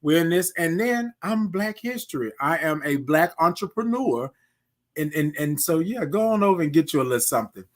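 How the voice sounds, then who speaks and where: A man with a notably high voice hosts a relaxed morning livestream. He chats easily with viewers and reads their comments aloud. He keeps tagging his lines with "right?" and "y'all.". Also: moderate pace. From Houston, Texas. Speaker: host. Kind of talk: casual livestream morning chat. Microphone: desk microphone he can move aside.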